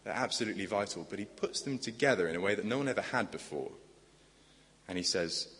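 A man's voice: lowish voice, expressive, fast, fairly bright tone. A man preaching a sermon in an earnest, conversational way, asking the congregation questions. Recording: long echoing church reverb.

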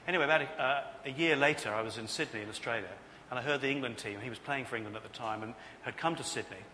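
A man's voice: medium pitch, pushed and bright. A man preaching a sermon. He tells stories with animation and acts out other people's voices. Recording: echoey hall with faint noise.

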